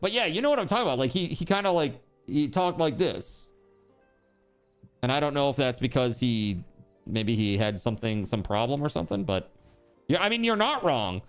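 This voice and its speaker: A man's voice: mid-range voice, big pitch swings, fast talker, a bit bright, smooth, soft background music. A man streaming live, chatting casually, rambling and joking, with swearing.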